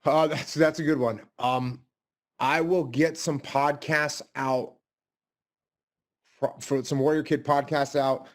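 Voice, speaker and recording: A man's voice: a little high, fairly even intonation, slow pace. A man answering audience questions in a blunt way, often repeating phrases for emphasis. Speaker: guest speaker.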